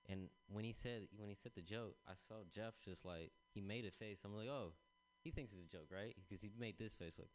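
A man's voice: fairly low pitch, a little fast, rough recording. A man telling a rambling stand-up story, swearing and acting out the people he quotes. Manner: animated, swearing, acts out quotes. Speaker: stand-up comedian.

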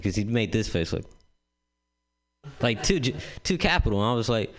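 Rambling young comic with a low voice. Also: male voice, moderate pace. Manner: rambling, profane, full of "like" and "dude". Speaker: stand-up comedian. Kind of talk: stand-up storytelling. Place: comedy club stage.

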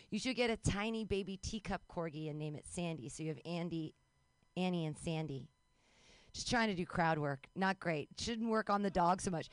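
A young woman doing a rambling, self-mocking stand-up set at an outdoor show, breaking into high-pitched mock panic. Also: no room sound. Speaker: stand-up comedian.

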